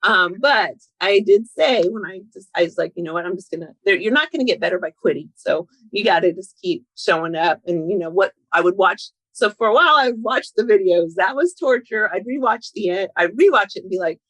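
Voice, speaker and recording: A woman's voice: medium pitch, expressive, brisk, hardly any pauses, fairly bright tone, no echo, rough recording. A woman guest on a podcast, talking candidly and with self-deprecating laughs. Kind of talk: casual conversation.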